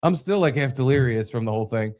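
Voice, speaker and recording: Young male co-host, animated, swears a lot, mid-pitched voice, casual chat. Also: fast talker. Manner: animated storyteller, swears freely. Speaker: podcast co-host.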